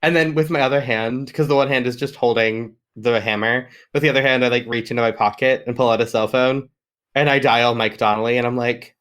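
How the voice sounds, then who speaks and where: A man's voice: mid-range voice, fairly even intonation, brisk, fairly bright tone, smooth. A man playing a tabletop game, describing his moves in a rambling way full of fillers. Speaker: player. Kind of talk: casual tabletop game chat.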